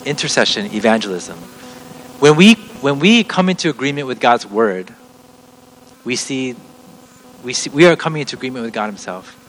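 A man's voice: mid-range voice, expressive, moderate pace, pauses often, a bit bright, a little hiss or hum, poor audio. A middle-aged man teaching a sermon, earnest and explaining step by step, often restarting his sentences. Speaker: preacher.

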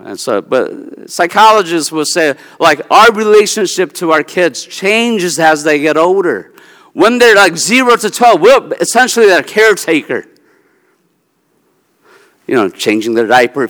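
A man preaching a sermon with a high, bright and forceful voice. He teaches emphatically, laying out his points step by step. The sound carries a long reverb from a large hall. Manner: emphatic teaching with logic examples. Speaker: pastor.

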